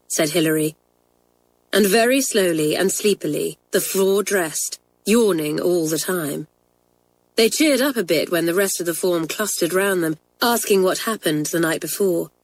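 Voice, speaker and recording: A woman narrating a children's book aloud, reading with lively expression. Her delivery is clear and storytelling in tone. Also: lowish voice, low-quality recording.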